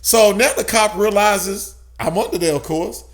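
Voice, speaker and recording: A man, a guest telling an animated story with frequent laughs. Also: high voice, moderate pace. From Tennessee, USA. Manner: animated, laughs often, swears. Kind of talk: casual storytelling.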